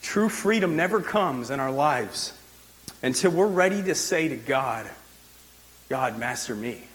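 Man preaching a sermon, high voice, chatty and informal, lots of filler "like". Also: lively intonation, a little slow, fairly bright tone, poor audio. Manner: conversational preaching with frequent "like" and restarts. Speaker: pastor.

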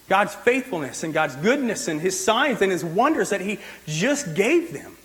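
A man's voice: high-pitched, animated, normal speed, hardly any pauses, a bit bright, rough recording. A male pastor giving a sermon in a loose, conversational way, often saying "like" and restarting his sentences. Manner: conversational preaching with frequent "like" and restarts.

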